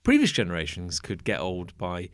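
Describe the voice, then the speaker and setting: A man's voice: deep voice, normal speed, clean tone, no echo, clean studio sound. A man in his thirties, co-hosting a podcast in casual, wry chat. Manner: animated, wry, drops into mock voices. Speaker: podcast co-host.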